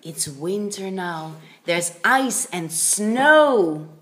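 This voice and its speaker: A woman narrating a children's story in slow, simple, expressive sentences for young learners. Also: mid-range voice.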